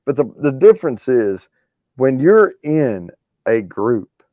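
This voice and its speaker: A man's voice: medium pitch, sing-song, slow pace, dark tone, dry recording. Rambling man hosting a giveaway show. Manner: rambling, restarts often, storytelling. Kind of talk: casual chat about classic rock.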